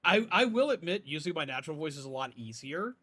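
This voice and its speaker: A peppy streamer voice, put on by a man, lifted higher and louder than his natural speech for a casual gaming stream. A slightly husky grain still comes through underneath. He chats quickly and brightly. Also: very animated, heavily acted. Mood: upbeat. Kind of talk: casual chat while gaming.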